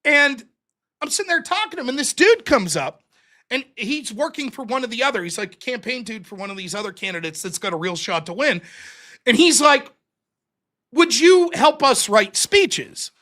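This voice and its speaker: Male American streamer, casual profane monologue, high bright voice. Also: fairly quick. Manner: profane, animated storytelling. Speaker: streamer and show host.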